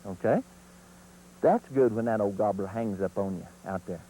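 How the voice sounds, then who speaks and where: A man's voice: on the low side, moderate pace, warm tone, slight background noise, poor audio. A man teaching turkey calling in an instructional video, in a folksy, plain-spoken way.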